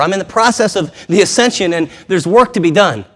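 A man preaching a sermon, retelling a scripture story in an animated way and acting out its scenes, in a long hall reverb. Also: sits high, fairly quick, hardly any pauses. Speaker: pastor.

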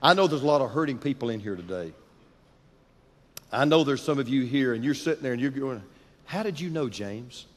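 A man preaching a sermon, telling a story dramatically, building intensity and dropping to hushed tones, in a church. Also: mid-range voice, fairly quick, long pauses. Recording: long hall reverb.

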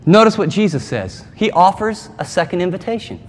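A man's voice: high-pitched, sing-song, brisk. A man preaching a sermon as pastor, emphatic and conversational, with dramatic asides. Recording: long hall reverb.

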